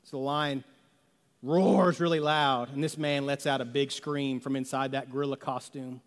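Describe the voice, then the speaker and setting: A man's voice: medium pitch, steady tone, normal speed, in a large hall. A man preaching a sermon as pastor, telling jokes and stories in a conversational way and asking the congregation rhetorical questions. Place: church sanctuary.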